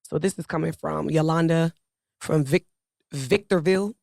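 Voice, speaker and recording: A comedy show co-host in a relaxed way, reading listener questions aloud. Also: mid-range voice, normal speed, gravelly, no echo, clean studio sound.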